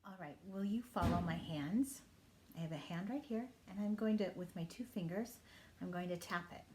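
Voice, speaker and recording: A woman leading a children's singing lesson, talking gently and encouragingly to the children. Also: lowish voice, normal speed, echoey room. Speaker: primary singing time leader.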